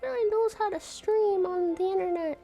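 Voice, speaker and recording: A woman doing a high doting little old lady. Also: normal speed, warm tone, soft background music. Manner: fond, gushing granny talk.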